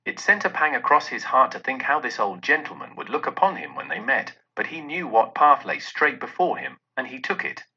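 A man narrates a classic tale with expressive, lively storytelling, his pitch rising and falling widely. His tone is sharp and bright but husky, in a dull lo-fi recording. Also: a little fast, hardly any pauses. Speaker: audiobook narrator. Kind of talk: scripted narration.

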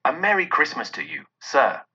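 Elderly miser, giddy and eager, voiced by a man; husky, bright, dull lo-fi recording. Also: mid-range voice, wildly swooping pitch, moderate pace, heavily acted. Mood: joyful. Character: elderly male miser, giddy with new joy.

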